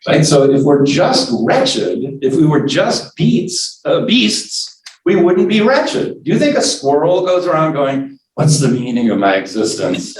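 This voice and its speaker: A man's voice: on the high side, sing-song, slow pace, distant mic. A man teaching a church forum class in a conversational way, often checking in with "right?" and acting out inner voices. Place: church meeting room. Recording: roomy church space, voice from off mic.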